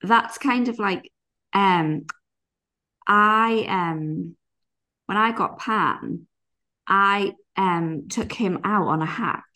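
A woman's voice: on the low side, fairly bright tone. A woman co-hosting a podcast, rambling through sweary anecdotes and acting out what people said. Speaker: podcast co-host. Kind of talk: casual chat.

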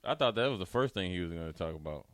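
A man talks football as a sports radio co-host, laid-back and colloquial. His voice is deep and resonant. It sounds dry and close to the microphone. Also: lively intonation, quick pace, dry recording. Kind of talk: casual sports talk.

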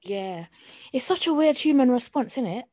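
A woman's voice: sits high, expressive, normal speed, warm tone, no room sound, clean studio sound. A young woman co-hosting a podcast in casual chat, sounding tired and laid-back. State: tired, yawning. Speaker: podcast co-host.

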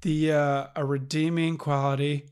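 A man's voice: a little high, level tone, unhurried, a little mellow, clean tone. A man co-hosting a casual movie review podcast, laid-back, laughing often and mocking lines from the film. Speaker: podcast co-host.

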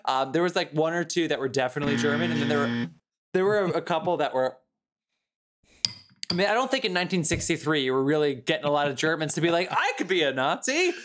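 A man co-hosting a laid-back movie podcast, talking with lively, profane energy. His voice sits a little high, and he jumps into quick impressions of characters as he goes. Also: a little hiss or hum. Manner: animated, swears freely, acts out quotes. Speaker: podcast co-host. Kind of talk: casual movie review chat.

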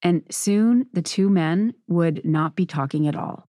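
Low-voiced woman narrating a documentary. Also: dry recording, clean studio sound. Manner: measured, even storytelling. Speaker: podcast host and narrator.

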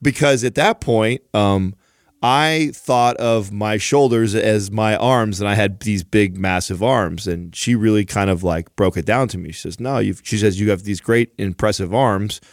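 A man's voice: fairly low pitch, unhurried, no room sound, studio quality. A man co-hosting a podcast, telling a rambling, self-mocking story in casual chat. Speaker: podcast co-host.

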